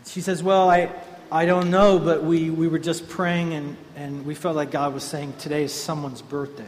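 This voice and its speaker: A man's voice: a little high, moderate pace. Man preaching in an echoey hall. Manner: storytelling, animated and conversational. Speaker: pastor. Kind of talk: sermon. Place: large hall with an audience. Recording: echoey hall, faint ambience.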